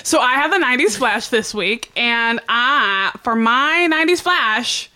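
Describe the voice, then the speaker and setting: A woman with a bright, fairly high voice, chatting casually as a co-host. She tells stories with plenty of life and acts out the dialogue of the people in them. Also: a little slow, clear, resonant tone. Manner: animated storytelling, acts out dialogue. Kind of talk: casual chat.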